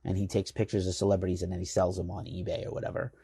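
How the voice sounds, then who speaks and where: A man's voice: deep voice, monotone, racing, creaky, warm tone, husky, no room sound. A man from the United States, a magazine editor hosting his show, telling a rambling, enthusiastic story full of fillers. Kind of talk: casual storytelling monologue.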